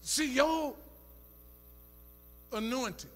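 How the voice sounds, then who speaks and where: A male pastor preaching a sermon in rhythmic call-and-response style, rising into shouts and half-sung phrases. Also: extremely high pitch, extremely slow, big-room sound. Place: church sanctuary.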